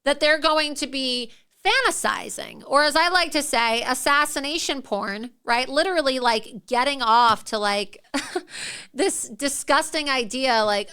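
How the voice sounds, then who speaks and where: A woman's voice: high voice, expressive, unhurried, pushed and bright, clean tone. A woman hosting a political talk show, ranting with indignation and laughing mid-sentence. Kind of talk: opinionated political commentary.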